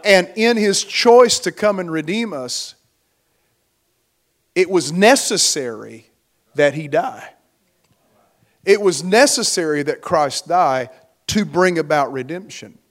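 A man preaching a sermon as pastor, slow and emphatic, his force rising and falling. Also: a little high, animated. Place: church.

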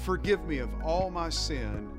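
A male pastor speaking softly and gently as he closes his podcast with an invitation to prayer. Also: lively intonation, unhurried, music in the background. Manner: soft, low and gentle.

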